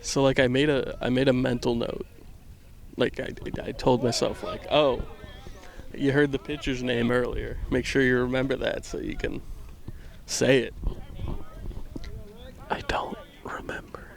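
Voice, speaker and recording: A man with a gravelly, mid-pitched voice calls a baseball game from an outdoor field on a handheld mic. His commentary is loose and jokey, and he pokes fun at himself. He sometimes drops to a near-hush. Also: level tone, normal speed. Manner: self-deprecating, rambling, drops to a hush at times. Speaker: play-by-play commentator. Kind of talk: casual joking sports commentary. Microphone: handheld microphone with earbuds.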